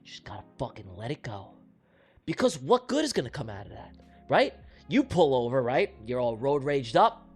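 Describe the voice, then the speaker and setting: A man hosting a trading livestream who talks straight to his viewers in a profane, animated storytelling way. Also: medium pitch, brisk, slightly rough, soft background music. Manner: talks directly to the audience. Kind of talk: livestream chat.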